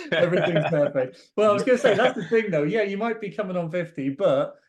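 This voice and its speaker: Chatty podcast host, fairly high voice. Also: male voice, expressive, a little fast, crowd noise. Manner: friendly, chatty interviewer. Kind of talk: casual chat.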